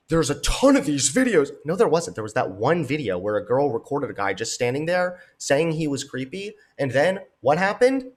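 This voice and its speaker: A man's voice: fairly high pitch, sing-song, normal speed, few pauses. A young man reacting to podcast clips, blunt and exasperated, cursing as he talks back to them. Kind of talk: reaction commentary.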